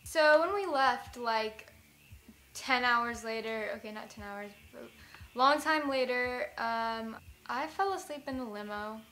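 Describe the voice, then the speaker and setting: A woman's voice: on the high side, measured pace, sharp tone. A young American woman in a casual vlog, telling a story in a rambling, self-mocking way, full of "like". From United States. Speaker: vlogger.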